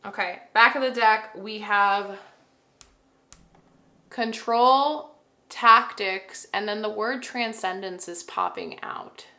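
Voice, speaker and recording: A woman talks through a tarot spread to her camera in a loose, chatty way, thinking aloud and gushing now and then. Her voice is bright and sits in the middle for pitch. The room around her rings with noticeable echo. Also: slow. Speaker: tarot reader. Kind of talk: casual tarot reading to camera. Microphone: camera mic.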